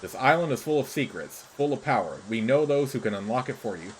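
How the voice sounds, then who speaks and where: A man voicing a sly creature spy in a fantasy game, speaking in measured, formal, persuasive sentences. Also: mid-range voice, expressive, a little hiss or hum, natural voice, low-quality recording. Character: sly scheming creature spy urging betrayal.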